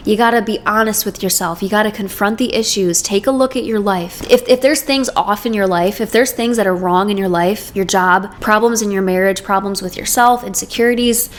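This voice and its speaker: A woman's voice: mid-range voice, fairly quick, few pauses. A young woman talking to camera in an earnest, emphatic and chatty way, with many "like"s. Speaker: video host. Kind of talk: casual faith-based talk to camera.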